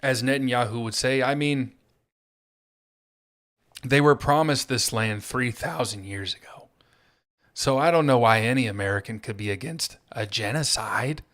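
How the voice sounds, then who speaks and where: A man's voice: medium pitch, normal speed, long pauses, a bit bright. A man hosting a solo political commentary show, talking in a sarcastic, mocking way. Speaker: host.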